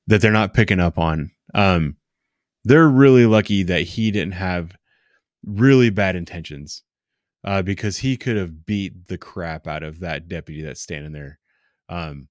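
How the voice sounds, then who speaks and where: A man in his thirties, a police officer, giving frank, exasperated commentary on a live stream with many pauses and fillers. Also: low-pitched, no room sound, studio quality. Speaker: police officer reacting to bodycam footage.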